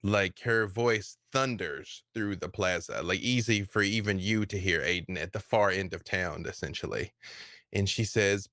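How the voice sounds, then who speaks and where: A man narrating as dungeon master, in a relaxed, chatty storytelling way with plenty of fillers. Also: on the low side, normal speed, no room sound, clean studio sound. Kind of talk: narrating a tabletop game.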